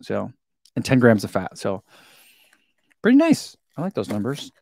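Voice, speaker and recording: A chatty man talking casually through an unboxing, his pitch rising and falling a lot. He giggles easily and talks between bites. The sound is close and dry, with no room around it. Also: huge pitch swings, moderate pace, vocal fry, darkish tone, dry recording. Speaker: vlogger reviewing a snack.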